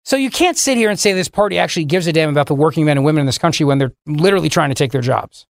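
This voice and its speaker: A man with a fairly high voice hosts talk radio from a dry, close studio mic. He rants with indignation and sarcasm and slips in mocking asides. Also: animated, very fast, gravelly, dry recording. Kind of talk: political talk radio commentary. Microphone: studio microphone.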